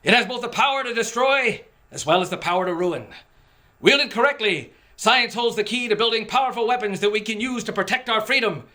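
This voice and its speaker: A man playing a pompous bright-voiced detective. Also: high-pitched, animated, fairly quick. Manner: pompous, self-assured, earnest proclamations. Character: pompous cocky male big-city detective. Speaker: detective hero. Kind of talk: 1940s radio serial acting. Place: stage.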